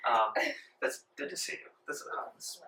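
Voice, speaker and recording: Put-upon housemaid played by a man for a tabletop game; bright, weary, recorded far off in a roomy space. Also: normal speed, a little hiss or hum, lightly acted. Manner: tired and flustered. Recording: echoey room from far off.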